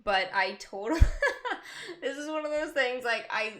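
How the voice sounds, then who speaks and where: A woman's voice: high-pitched, animated, unhurried, fairly bright tone. A young woman hosting a livestream, chatting casually with her viewers, giggling often and rambling between stories. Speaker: livestream host. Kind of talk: casual chat with live chat viewers.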